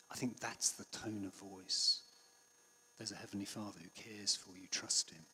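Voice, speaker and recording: A man preaching a sermon in a conversational way, with frequent restarts and passages that drop to a hush. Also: fairly low pitch, steady tone, normal speed, a little hiss or hum. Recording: long hall reverb.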